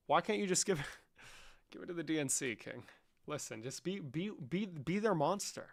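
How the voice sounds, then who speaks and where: A man's voice: fairly high pitch, lively intonation, moderate pace, creaky. A young man around twenty, casually chatting on a livestream in a joking, sarcastic way and swearing a lot. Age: young adult.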